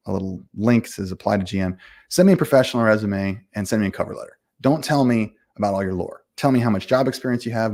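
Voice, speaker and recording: A man's voice: lowish voice, a little mellow. A man hosting a casual livestream and answering viewer comments about running games, in a blunt, self-assured, rambling way with lots of fillers. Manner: fast, rambling, full of fillers and restarts. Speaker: livestream host and game company owner.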